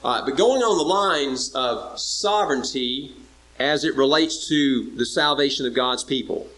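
A man's voice: medium pitch, measured pace, fairly bright tone, rough recording. A man preaching an evening sermon, emphatic and repetitive, often checking in with his listeners. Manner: emphatic, repeats words, checks in with "all right?" and "okay?".

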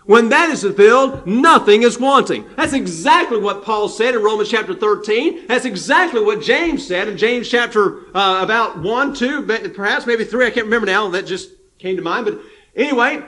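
A man's voice: extremely high pitch, expressive, normal speed, pushed and bright. A man preaching a sermon, emphatic and repetitive, with frequent restarts.

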